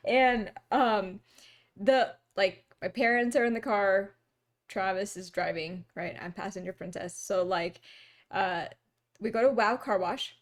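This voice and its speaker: A woman's voice: mid-range voice, unhurried. A woman co-hosting a podcast, chatting casually and telling a story full of laughter and quoted voices. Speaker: podcast co-host. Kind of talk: casual chat.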